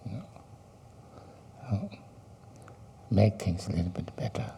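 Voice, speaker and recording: Slow, dark-voiced man teaching dharma. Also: lowish voice, very animated, vocal fry, slight background noise. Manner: slow, halting, many fillers and rhetorical questions. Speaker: Buddhist teacher.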